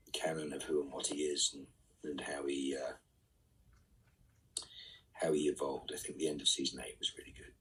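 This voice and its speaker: Man, low voice, very breathy and raspy, live fan Q&A, reads questions then answers softly, heard from a distance off the mic. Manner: reads fan questions aloud, then answers casually with soft trailing asides. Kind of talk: live online Q&A.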